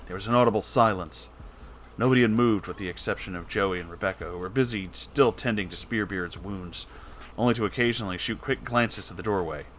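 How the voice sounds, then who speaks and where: A man with a lowish, slightly bright voice reads a story aloud at a brisk clip, with a faint hiss or hum in the recording. His narration is theatrical, and he slips into character voices throughout.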